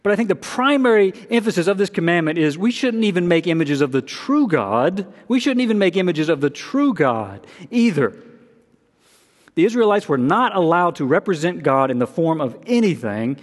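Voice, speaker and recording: A man's voice: high-pitched, big pitch swings, moderate pace. Earnest preaching man in a reverberant hall. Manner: earnest preaching, repeats key phrases for emphasis. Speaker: pastor. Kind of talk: sermon. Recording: long reverb of a large room.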